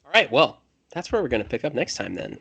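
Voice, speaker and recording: A man's voice: medium pitch, big pitch swings, quick pace, creaky, bright, forceful tone, slightly rough, dry recording. A man running a tabletop game as game master, talking casually and correcting himself as he goes.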